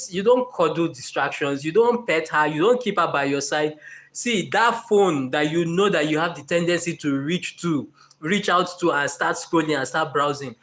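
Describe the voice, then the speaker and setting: A man speaking on a motivational live session with an unusually high voice for a man. He is earnest and animated and slips in playful asides to keep his audience with him.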